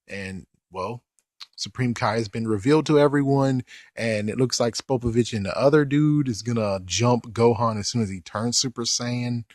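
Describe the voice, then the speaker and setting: A man rambles through a casual cartoon recap in an exasperated tone, swearing mildly. His voice sits in a middle pitch. The sound is dry and close. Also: moderate pace, no echo. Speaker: video commentator.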